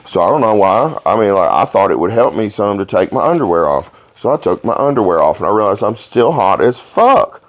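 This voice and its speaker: A man hosting a podcast, telling rowdy stories in a profane, animated way and laughing along. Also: on the low side, a little fast. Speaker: podcast host. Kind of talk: casual storytelling chat.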